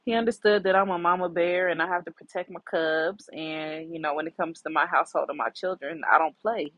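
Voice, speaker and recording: A woman's voice: on the low side, steady tone, fairly quick, fairly bright tone, dry recording, muffled recording. A middle-aged woman hosting a podcast, candidly and reflectively telling a personal story with many fillers. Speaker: podcast host.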